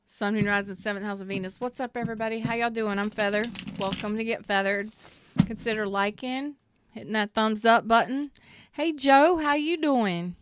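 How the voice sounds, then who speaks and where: A woman's voice: mid-range voice, steady tone, fairly quick, noisy background. A woman, hosting a casual, salty tarot reading and talking straight to her viewers. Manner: chatty, salty, talks to viewers as y'all. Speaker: tarot reader, channel host.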